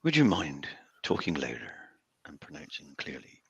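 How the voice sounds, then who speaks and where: A man keeping score on a live quiz stream, talking through a headset in a soft voice that trails off at the ends of lines. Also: a bass voice, huge pitch swings, normal speed, creaky, slightly rough, no echo, highs cut off. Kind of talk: casual banter.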